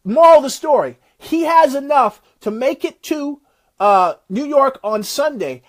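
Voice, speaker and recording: A man giving a motivational talk, retelling a success story in an animated, preacher-like way. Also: very high-pitched, unhurried. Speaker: motivational speaker.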